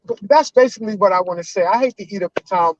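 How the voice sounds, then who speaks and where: A man in his forties calling in to a live show, ranting loudly and emotionally with heavy cursing. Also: high-pitched, lively intonation, quick pace, dull audio, background noise. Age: 40s. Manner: loud, emotional and profane. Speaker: caller. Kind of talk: heated fan rant on a live call-in show.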